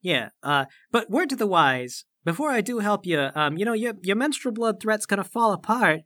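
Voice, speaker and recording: A man's voice: high-pitched, very animated, normal speed, pushed and bright. A man playing his character in a tabletop game, talking in a hesitant, wry way with many stammers. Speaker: player.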